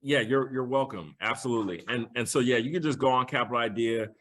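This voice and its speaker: A man speaking as a guest mentor on a podcast, relaxed and conversational, saying y'all. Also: medium pitch, fast. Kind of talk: casual podcast chat.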